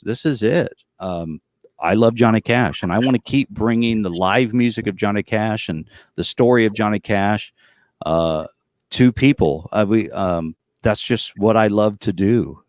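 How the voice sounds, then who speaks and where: A man around forty speaks on a video call from the front seat of a tour bus, his voice sitting low and sounding close and dry. He tells his stories in an easygoing, rambling way, full of fillers. He is a guest recounting his life as a tribute performer. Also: measured pace, darkish tone, no room sound. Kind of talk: casual storytelling interview.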